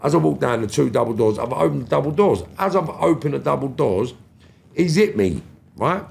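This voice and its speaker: Gravelly man telling war stories. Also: mid-range voice, fairly quick, a little hiss or hum. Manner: animated, acts out quoted voices, swears freely. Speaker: guest. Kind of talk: casual storytelling.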